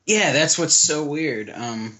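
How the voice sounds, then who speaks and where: A man's voice: fairly high pitch, animated, slow pace, sharp tone. A young American man co-hosting a casual podcast, chatting in a laid-back, rambling way with lots of fillers. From United States. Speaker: podcast co-host. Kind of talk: casual chat. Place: living in Germany.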